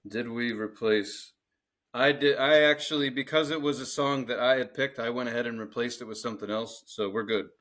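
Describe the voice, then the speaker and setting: A podcast co-host chats casually, cracking crude jokes while reading out a song list. His voice is mid-range and a bit bright, with fairly even intonation and a slightly fast pace.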